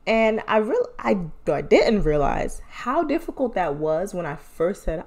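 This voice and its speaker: A young woman chats through a solo podcast update in a loose, rambling way. She tosses in playful asides and laughs as she goes. Her voice sits at a middle pitch. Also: sing-song, measured pace, few pauses, a little mellow. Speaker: podcast host.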